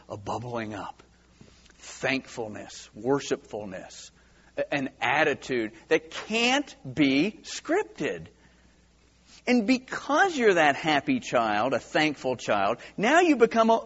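A man preaching a sermon as pastor, animated, with rhetorical questions and frequent restarts. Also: on the high side, dull audio.

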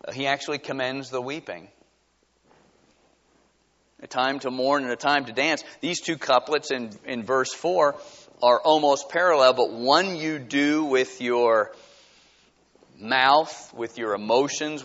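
A pastor preaching a conversational sermon, full of rhetorical questions and lively asides. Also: male voice, mid-range voice. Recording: dull sound with long hall reverb.

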